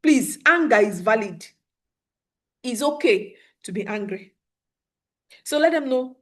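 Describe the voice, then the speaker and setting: Leading a live webinar for parents, a young adult woman coaches earnestly in a fairly high voice, often laughing between points. When she acts out what to say to a child, she shifts into calm, soothing tones. She talks a little slowly, with long pauses.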